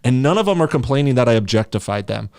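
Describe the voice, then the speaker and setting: A man's voice: medium pitch, very animated, fast, vocal fry, a little mellow, dry recording. A young man hosting a podcast, chatting casually in a blunt, mocking way and swearing freely. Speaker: podcast host.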